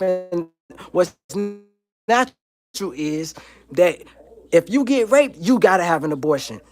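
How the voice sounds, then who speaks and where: High pitched guy ranting on his stream at home, cussing nonstop, repeats himself a lot. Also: animated, measured pace, soft background music. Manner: profane, emphatic, repetitive ranting. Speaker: livestream host. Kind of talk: heated livestream rant.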